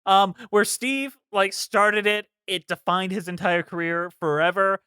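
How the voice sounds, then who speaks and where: A man's voice: high voice, fairly even intonation, unhurried, bright, forceful tone, clean tone, no echo. A man co-hosting a casual podcast, rambling along as he reads out trivia facts. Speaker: podcast co-host.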